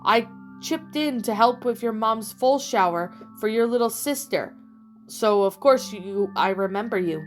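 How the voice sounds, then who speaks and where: A woman voicing a bubbly, hyperactive pink pony mare receptionist in an audiobook reading, with a high-pitched, chirpy voice and rapid excited chatter. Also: soft background music, close to an everyday voice. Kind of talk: audiobook character voice.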